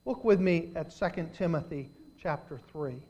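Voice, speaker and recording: High-voiced man preaching dramatically. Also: normal speed, highs cut off. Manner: dramatic storytelling, swinging from loud to hushed. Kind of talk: sermon.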